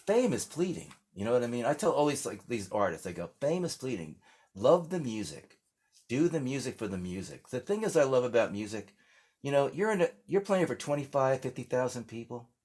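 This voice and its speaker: An older American singer-songwriter chats casually during an interview, his voice medium in pitch with a darkish tone. He rambles through stories, restarting often and leaning on fillers.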